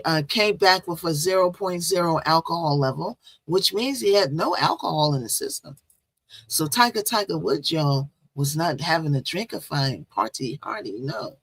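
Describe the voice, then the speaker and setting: A woman hosting a live-stream gossip show in casual, chatty talk, teasing and repeating herself, with sudden loud leaps in pitch. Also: husky, rough recording. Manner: chatty, repetitive.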